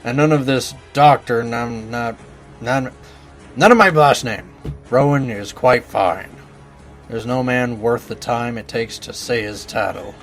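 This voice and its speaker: A man's voice: medium pitch, unhurried, soft background music, close to an everyday voice. A man voicing a brusque, impatient old male professor with a blustery, commanding manner. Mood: gruff. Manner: blustery, commanding, barks orders.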